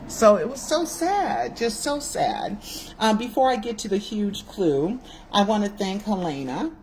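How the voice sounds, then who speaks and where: A woman's voice: mid-range voice, animated, unhurried, darkish tone, a little hiss or hum. A woman in her sixties hosting a casual video chat from her home, talking in a digressive, emotional way. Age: 60s. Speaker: video host. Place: home room.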